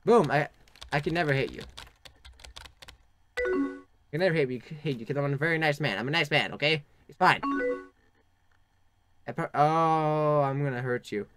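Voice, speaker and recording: A man's voice: fairly high pitch, normal speed, pauses often, over music. A young man hosting a gaming channel, reading game chat aloud and adding crude, sarcastic jokes as he plays. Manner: joking, crude asides, sarcastic. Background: keyboard typing and clicks.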